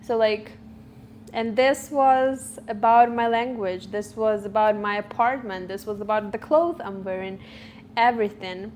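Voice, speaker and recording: Unhurried, thoughtful young woman vlogger. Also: medium pitch, a little mellow, a little hiss or hum. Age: 20s. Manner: thoughtful, searching for words with frequent fillers. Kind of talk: reflective talk to camera. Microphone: camera recording.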